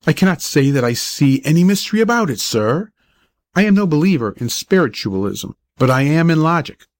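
A man's voice: fairly high pitch, very animated, fairly quick, darkish tone. A man voicing a pompous, irritable old doctor who talks in a stern, lecturing way.

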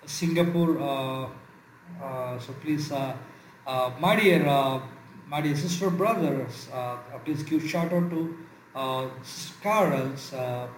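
A man hosting a church radio broadcast, greeting listeners in a halting way with many filler sounds. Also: medium pitch, slight background noise. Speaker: radio program host and preacher. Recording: echoey room.

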